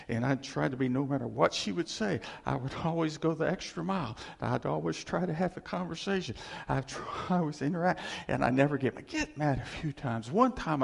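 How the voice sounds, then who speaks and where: A middle-aged man giving a personal testimony to a congregation, telling the story with lively animation and frequent chuckles. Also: fairly high pitch, creaky. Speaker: church speaker sharing testimony. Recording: long reverb of a large hall.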